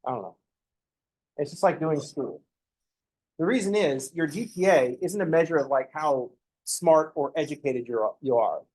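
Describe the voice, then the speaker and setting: A man's voice: on the high side, moderate pace, darkish tone, dry recording. A man, a math professor, lecturing a class in a joking, conversational way. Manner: joking, conversational, acts out students' thinking noises.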